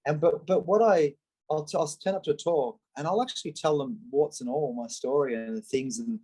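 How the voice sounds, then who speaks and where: A man, a guest in an interview, telling candid personal stories in an animated way and acting out the voices of the people he quotes. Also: fairly high pitch, a little fast, husky, low-quality recording. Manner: animated, acts out quoted voices, frequent restarts. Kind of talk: candid conversational storytelling.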